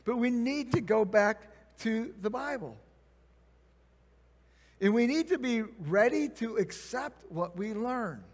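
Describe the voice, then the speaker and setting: A man's voice: extremely high pitch, expressive, takes it slowly. A man preaching a conversational sermon, acting out quoted prayers and replies. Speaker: pastor. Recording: long reverb of a church hall.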